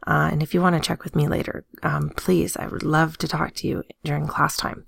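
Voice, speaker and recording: A woman math teacher giving a recorded lesson, playful and chatty, often dropping into a soft whisper. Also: low voice, level tone, a little fast, vocal fry, slightly rough, no echo. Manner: playful, sings little tunes and jokes.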